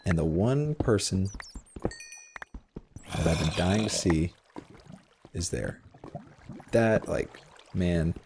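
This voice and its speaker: Deep gravelly man, rambling gamer chat. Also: animated, slow pace, long pauses, noisy background. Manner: rambling, filler-heavy, self-deprecating. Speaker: Minecraft video host. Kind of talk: casual storytelling while playing a game.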